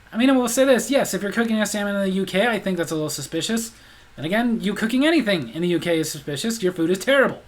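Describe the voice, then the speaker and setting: High-voiced man ranting incredulously. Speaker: vlog host. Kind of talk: comedic monologue.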